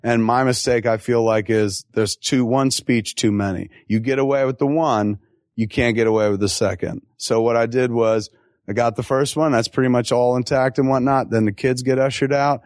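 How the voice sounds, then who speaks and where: A middle-aged man in a casual interview, telling animated stories and swearing freely. His voice sits at a middle pitch. The sound is dry, with no room echo. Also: normal speed. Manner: animated, profane storyteller who acts out quotes. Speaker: film director being interviewed.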